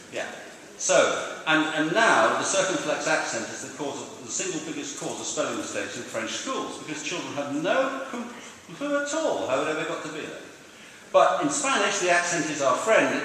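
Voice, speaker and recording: Older man, lecturing teachers, bright forceful voice, very echoey hall, distant mic, faint ambience. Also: on the high side, a little hiss or hum. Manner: explanatory, asks the audience questions. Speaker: speaker on language teaching. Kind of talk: talk to teachers. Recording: roomy hall, from far off.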